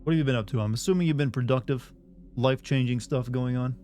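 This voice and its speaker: A man from the US South, with no regional accent, chats casually while streaming a game, reading viewer messages aloud and rambling through his answers. His mid-range voice is warm and quick, with faint music in the background.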